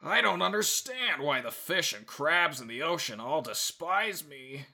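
A man voicing a huge, misunderstood male shark reading out his diary in a slow, earnest way. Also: on the high side, sing-song, creaky, sharp tone, pitched above the performer's own voice, heavily acted. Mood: aggrieved.

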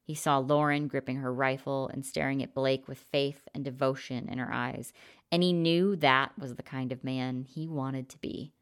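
A woman narrating a short story in a steady, measured way. Her voice is low and grounded, and she reads the prose evenly between the characters' lines. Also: clear, resonant tone. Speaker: reader.

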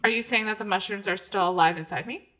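A woman's voice: medium pitch, quick pace, sharp tone. A woman playing a flustered mushroom forager. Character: oblivious woman home cook who forages mushrooms.

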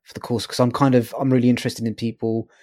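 A man's voice: mid-range voice, level tone, fast talker, a little mellow, no echo. Hesitant male interviewer. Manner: hesitant, lots of fillers. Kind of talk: casual interview chat.

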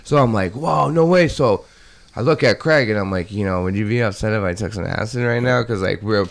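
A young man telling rowdy stories to friends in a casual chat, loudly acting out the people in them. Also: lowish voice, brisk. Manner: animated storytelling, acts out voices loudly. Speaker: storyteller among friends.

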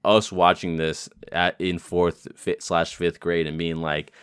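A man's voice: low-pitched, level tone, a little slow, a bit bright, smooth, no echo, clean studio sound. A young man co-hosting a podcast, chatting casually about a movie, rambling and quoting its lines with a laugh. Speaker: podcast co-host. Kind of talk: casual movie-review chat.

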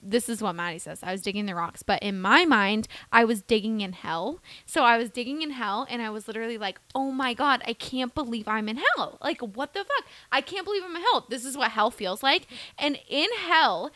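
Young woman podcast host, bright highish voice, super animated storytelling, dry mic. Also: a little fast, hardly any pauses, dry recording. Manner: animated, swearing, dramatic retelling. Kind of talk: casual storytelling chat.

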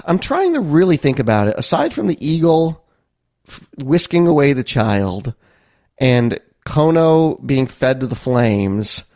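A man's voice: medium pitch, sing-song, measured pace, darkish tone, dry recording, clean studio sound. A man co-hosting a casual movie review podcast, wry and rambling, laughing at the film's flaws. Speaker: podcast co-host.

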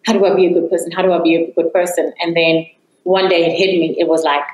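A woman's voice: lowish voice, little pitch movement, fast talker, a little mellow. A young woman earnestly telling her personal faith testimony as an interview guest. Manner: earnest, reflective storytelling. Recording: echoey room.

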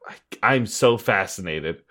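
A man's voice: lowish voice, lively intonation, a little slow, sharp tone. A man co-hosting a podcast in casual comedic chat, playful and often laughing. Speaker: podcast co-host.

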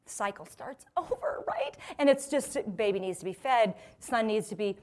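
A woman in her forties giving a humorous storytelling talk to a live audience, lively and self-mocking, laughing often and acting out what people said. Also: medium pitch, normal speed. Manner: lively, self-mocking, acts out quoted voices. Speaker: motivational speaker.

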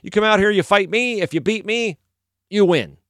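A man voicing a boastful giant warrior who loudly taunts his enemies in a retold story. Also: sits high, normal speed, dry recording, studio quality, voice pushed up. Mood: taunting. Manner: loud, brash and taunting.

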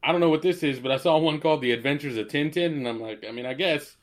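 A man co-hosts a podcast and chats casually in a hesitant, wry way. His voice is a little high and he races along.

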